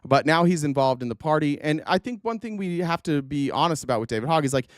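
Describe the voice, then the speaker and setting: A man's voice: fairly high pitch, animated, quick pace, no echo, studio quality. A man hosting a political commentary stream, talking casually with many fillers, restarts and swearing.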